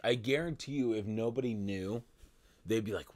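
A man with a lowish voice vents straight to camera in a heated vlog rant. He talks in an exasperated, profane way, restarting his sentences as he goes. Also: a little mellow. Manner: exasperated, swearing, halting restarts. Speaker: vlogger.

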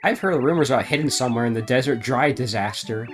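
Performing a comedic dramatic reading, a streamer recites garbled game text, swinging between deadpan and theatrical and sometimes dissolving into laughter. His voice is mid-pitched and quick, with faint game music underneath.

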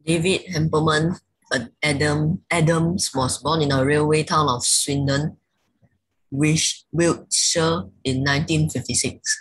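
Casting: student reading aloud, hesitant, husky and very dry close sound. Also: mid-range voice, fairly even intonation, fairly bright tone, no room sound, rough recording. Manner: halting, self-correcting.

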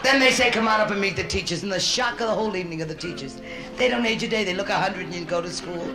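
A woman's voice: medium pitch, fast talker. A woman from Connecticut doing a brassy, wisecracking stand-up routine and teasing her live audience. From Connecticut, USA. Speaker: comedian. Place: stage show before a live audience. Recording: roomy live show recording with band music.

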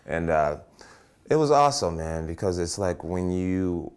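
Very deep-voiced man, enthusiastic fighter. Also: measured pace, slight background noise. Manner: enthusiastic, restarts often, relaxed. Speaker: professional fighter. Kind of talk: casual interview.

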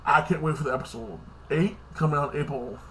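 A man talks through a TV episode recap in a loose, rambling vlog style. His voice sits a little higher than most men's. He keeps tacking "like this" onto his lines and swears freely. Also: brisk, sharp tone, a little hiss or hum. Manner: rambling, fills with "like this" and "like that"; swears casually. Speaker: TV episode reviewer.

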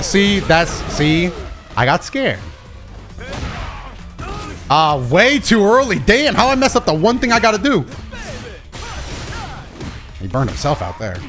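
A man streaming a fighting game, commenting live and swinging between low mumbles and excited shouts. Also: moderate pace. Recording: game music underneath.

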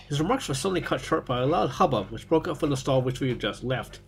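A man reading a story aloud, steady, with occasional small slips. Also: mid-range voice, quick pace, vocal fry, hardly any pauses, breathy edge. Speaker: reader.

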